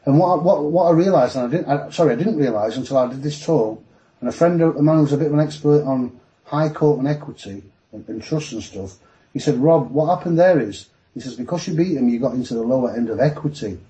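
A man's voice: mid-range voice, brisk, poor audio. A man telling a long story on a podcast, acting out the voices of others as he goes. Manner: animated, mimics voices in retelling. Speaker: guest telling his story.

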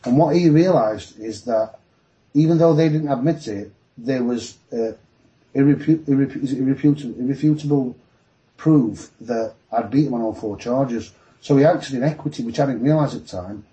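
A man guesting on a podcast tells a long story in an animated way, acting out other people's voices as he retells it. He speaks at medium pitch and a moderate pace, and the audio sounds dull.

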